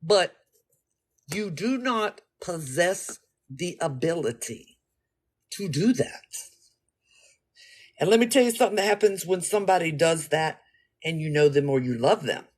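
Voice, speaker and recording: A man tells a story casually, animated and slangy, rambling as he talks straight to his listeners. His voice sits on the high side, and he takes his time, pausing often.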